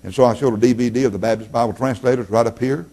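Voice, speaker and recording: A man's voice: medium pitch, racing. Folksy preacher man, rising and dropping. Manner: folksy, animated preaching with sudden loud rises and drops. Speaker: pastor. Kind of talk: sermon. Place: church.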